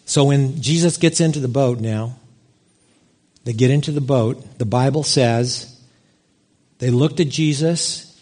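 A middle-aged man preaching a sermon, telling a personal story with lively swings in his voice. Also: a little slow, pauses often. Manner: animated storytelling, big swings in pitch.

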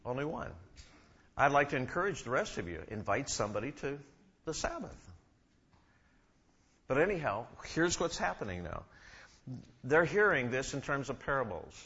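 A man preaching a sermon to a congregation, often asking them questions and shifting between loud emphasis and quiet asides. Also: medium pitch, very animated, a little fast, breathy edge, muffled recording. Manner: asks the congregation questions, rises and drops in volume.

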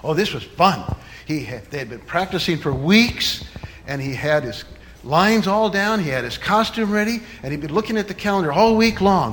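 A man telling a children's story at church, his voice high and unusually light for a man. He delivers it with animated, dramatic flair. A faint hiss sits under the recording. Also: moderate pace.

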